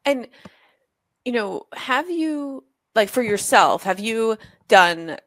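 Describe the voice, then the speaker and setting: A woman hosting a podcast interview, chatty and quick to laugh, asking long rambling questions. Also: on the high side, big pitch swings, fairly bright tone, dry recording. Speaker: podcast host. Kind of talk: conversational interview.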